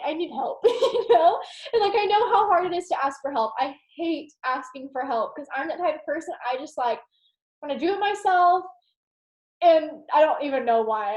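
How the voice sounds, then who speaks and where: A young woman giving a casual, rambling motivational talk to her team on a video call, animated and full of "like". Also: sits high. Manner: animated, rambling, heavy use of "like". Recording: roomy echo.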